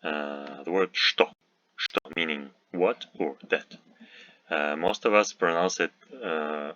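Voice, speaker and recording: A man's voice: sits low, measured pace, pushed and bright, dry recording, highs cut off. A man teaching a recorded language lesson, patient and repeating each example word so learners can follow.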